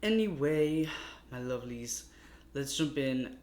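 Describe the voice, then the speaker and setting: A man's voice: mid-range voice, normal speed. Chatty man reading tarot, echoey room. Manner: chatty, meandering, addresses viewers warmly as loves. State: a little exasperated. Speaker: tarot reader. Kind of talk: casual spoken tarot reading. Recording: echoey room with faint noise.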